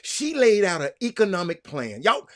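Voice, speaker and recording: A man's voice: sits high, huge pitch swings, normal speed, a bit bright. A man giving fired-up political commentary, preaching straight to his listeners.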